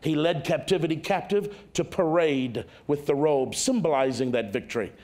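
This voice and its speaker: A male pastor preaching a sermon, dramatic, swinging from loud exclamations to hushed tones. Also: fairly high pitch, moderate pace.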